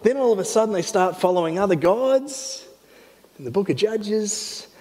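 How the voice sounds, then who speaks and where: Male pastor, slightly high, mellow voice, earnest sermon delivery, hall reverb. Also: moderate pace. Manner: earnest, animated, often voices God in quotes. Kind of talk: sermon teaching.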